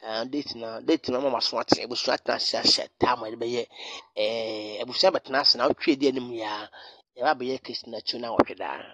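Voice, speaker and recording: A man presenting online news commentary, animated and repeating phrases for emphasis. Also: mid-range voice, a little fast, no room sound. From Ghana.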